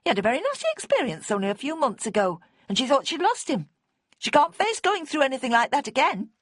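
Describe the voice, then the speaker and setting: An earnest young shop girl with a high, eager voice, as a woman narrator puts her on. She jumps in quickly to defend people, and her voice has a slightly husky, breathy edge. The storybook reading is close and dry. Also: very animated, no room sound. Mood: indignant. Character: young female shop assistant, earnest, protective.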